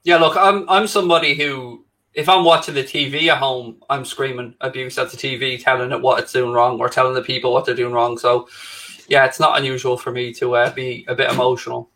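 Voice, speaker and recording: Male host, bright voice, teasing, quick-witted banter. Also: mid-range voice, flat delivery. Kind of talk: casual chat.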